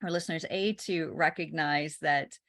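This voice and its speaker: A woman's voice: low voice, fairly even intonation, normal speed, a bit bright. A woman hosting a podcast, chatting casually and encouragingly with her guest. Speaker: podcast host. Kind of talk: casual interview chat.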